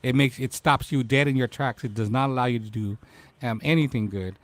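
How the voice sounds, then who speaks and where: An upbeat man hosts a casual livestream chat, greeting viewers by name and encouraging them. His voice sits in a middle pitch. It sounds dry and close. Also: a little fast, dry recording. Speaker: talk show host.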